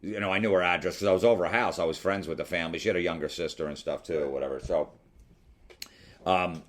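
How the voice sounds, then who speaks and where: Deep-voiced man telling a profane story. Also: fast, a little hiss or hum. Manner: profane, rambling anecdote delivery. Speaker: podcast host. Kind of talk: casual storytelling chat.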